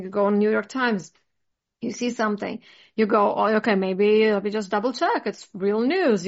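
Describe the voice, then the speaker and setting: A woman's voice: mid-range voice, gravelly. Woman, casual chat, rambling, lots of fillers, slightly dull recording. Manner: rambling, filler-heavy, animated.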